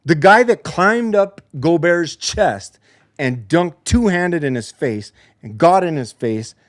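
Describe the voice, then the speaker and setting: A man's voice: fairly high pitch, expressive, slow pace, no room sound, studio quality. A man hosting a post-game basketball show, ranting in a heated, profane way. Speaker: podcast host. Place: home basement studio.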